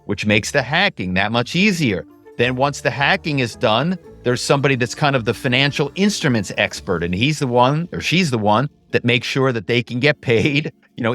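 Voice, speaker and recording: A man talking casually as a guest in an interview, telling stories in an animated way and often adding "you know" and "right". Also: mid-range voice. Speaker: guest, former actor and social engineer.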